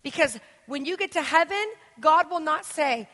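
A woman giving an interactive church teaching, animated and acting out the voices of the people she quotes. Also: high voice, normal speed, in a large hall. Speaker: guest speaker.

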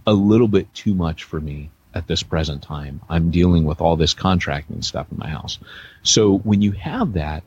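A man's voice: sits low, slightly rough, muffled recording. A middle-aged man co-hosting a podcast, telling rambling, self-deprecating stories with many restarts in a casual chat. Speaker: podcast co-host, church planter.

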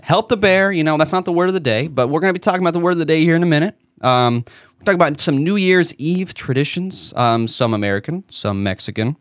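A man's voice: fairly high pitch, lively intonation, fast, no room sound, clean studio sound. A man co-hosting a podcast who talks in a laid-back, rambling way. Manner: laid-back, rambling, with many fillers and restarts. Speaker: podcast co-host. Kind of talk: casual chat.

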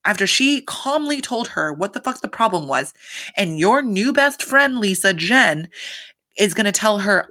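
A woman's voice: medium pitch, a little slow. A woman in a casual recap chat, swearing a lot and filling her talk with "like," acting out quotes with laughs. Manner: profane, filler-heavy with constant "like"; animated, acts out quotes with laughter. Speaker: reality show recapper.

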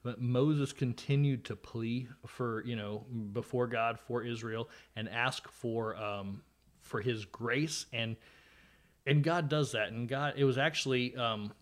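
A man's voice: medium pitch, steady tone, slow pace. Man hosting a casual Bible talk. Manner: conversational, with fillers and dry sarcasm. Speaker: podcast host. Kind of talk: casual Bible study chat.

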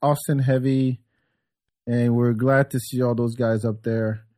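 A man's voice: medium pitch, flat delivery, unhurried, warm tone. A comedian on a podcast in loose casual chat, swearing freely and stammering as he restarts sentences.

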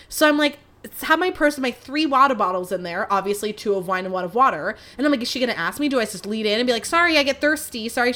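Young woman, podcast host, casual profane storyteller, slightly high and bright voice. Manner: animated, profane, self-mocking.

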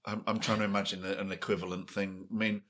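A man's voice: deep voice, little pitch movement, fast talker, a bit bright, slightly rough. A man from northern England hosting a podcast in a small cafe, joking and swearing in casual chat. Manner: sweary, joking, breaks into mock voices. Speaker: podcast host.

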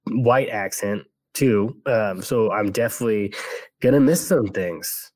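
A young man from California with a General American accent, co-hosting a casual podcast and rambling with quick restarts. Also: lowish voice, darkish tone, no room sound. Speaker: podcast co-host.

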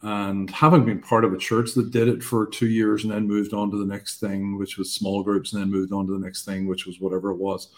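Low, flat-voiced man chatting. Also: a little fast, few pauses. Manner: jokey and self-deprecating, then earnest. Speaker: podcast co-host. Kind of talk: casual faith conversation.

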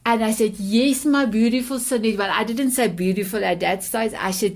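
South african woman, 50s, afrikaans first language, kinda high voice, heartfelt affectionate storytelling on a podcast. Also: moderate pace, hardly any pauses. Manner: heartfelt, affectionate, repeats endearments. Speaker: guest. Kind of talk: emotional personal storytelling.

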